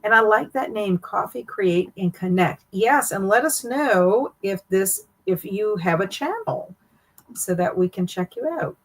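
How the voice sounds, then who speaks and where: A woman's voice: mid-range voice, animated, measured pace, rough recording. A middle-aged woman with a Southern US accent, chatting casually and greeting viewers by name on a live stream. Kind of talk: casual live stream chat, reading chat comments aloud.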